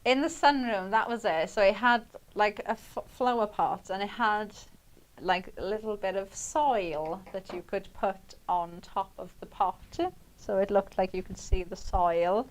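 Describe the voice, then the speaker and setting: A woman's voice: medium pitch, measured pace. A young woman talks viewers through a craft project on a shopping channel. Her delivery is chatty and a little rambling, and she laughs easily as she goes. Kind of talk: live craft demonstration with chat.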